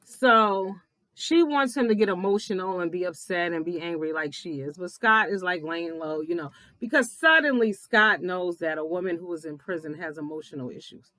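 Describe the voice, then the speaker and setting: A woman giving a blunt, profane, animated recap of a reality TV episode, laughing often as she talks. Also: on the low side, normal speed, no echo. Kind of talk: casual episode recap commentary.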